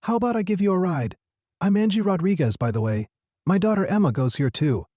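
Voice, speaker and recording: A man voicing a firm but gentle single mother in a storybook narration. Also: high voice, lively intonation, fairly quick, no echo, clean studio sound, pitched above the performer's own voice. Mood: kindly. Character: firm, kind single mother defending a child.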